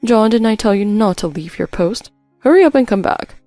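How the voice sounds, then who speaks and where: A woman's voice: medium pitch, lively intonation, warm tone, no room sound, soft background music, lightly acted. A woman playing a stern, scolding sister. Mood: stern brisk. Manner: brisk, firm, scolding. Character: stern, scheming older sister, brisk and unsympathetic.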